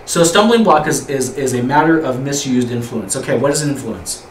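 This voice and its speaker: A man's voice: medium pitch, expressive, a little fast. Man leading a youth group talk. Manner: rambling, repeats words, asks the group questions. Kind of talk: informal youth group teaching. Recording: roomy echo, distant mic, faint room noise.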